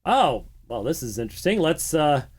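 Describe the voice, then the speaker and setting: A man's voice: fairly high pitch, big pitch swings, moderate pace. Man hosting a call-in show, filler-heavy. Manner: explains at length with many "uh" fillers, lecturing. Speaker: host of a call-in program. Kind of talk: call-in radio talk and teaching.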